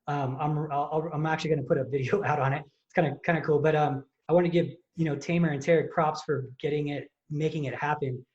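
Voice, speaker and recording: Podcast host, male, young adult, fairly high voice, animated and rambling. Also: quick pace, hardly any pauses, muffled recording. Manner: animated storytelling, many fillers and restarts. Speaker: podcast host and contest prep coach. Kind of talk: casual chat.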